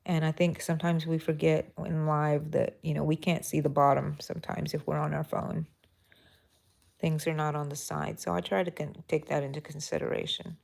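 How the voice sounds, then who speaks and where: A middle-aged woman hosting a live crochet tutorial, talking softly and mellowly, sometimes drifting into a whisper as she works. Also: low voice, little pitch movement, normal speed, vocal fry. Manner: soft, mellow, drifting into whispers while counting stitches. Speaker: crochet channel host.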